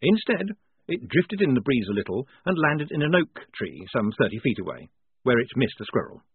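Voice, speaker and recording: Male audiobook narrator, wry, lively pitch, dry close sound, narrow lo-fi band. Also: moderate pace, slightly rough, dry recording. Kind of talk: scripted narration.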